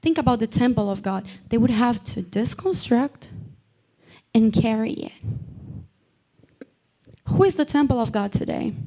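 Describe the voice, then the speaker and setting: A woman's voice: on the high side, a little slow, pauses often, dark tone. A woman preaching a sermon, impassioned, repeating lines for emphasis and calling out members by name.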